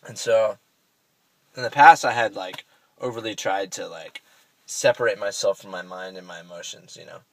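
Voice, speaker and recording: A man's voice: on the low side, moderate pace, poor audio. A young man vlogging, telling a personal story in a rambling, self-correcting way and swearing casually.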